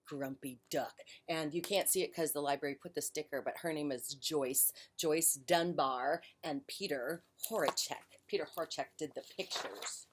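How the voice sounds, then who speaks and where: A woman reading a children's picture book aloud on her porch, in a gentle storytelling manner. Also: sits low, noisy background. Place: on a porch outdoors.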